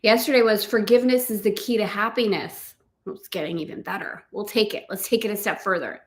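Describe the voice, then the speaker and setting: Woman affirming softly and chattily. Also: medium pitch, brisk, roomy sound. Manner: warm encouraging, repeats affirmations, laughs often. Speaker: host. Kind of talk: casual spiritual live chat.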